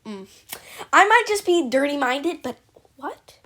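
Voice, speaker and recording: A young woman commenting over clips in a casual, rambling way, cursing freely. Her voice sits high and comes across bright and sharp. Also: big pitch swings, a little slow. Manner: blunt, swears freely, rambling asides. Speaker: reaction video host.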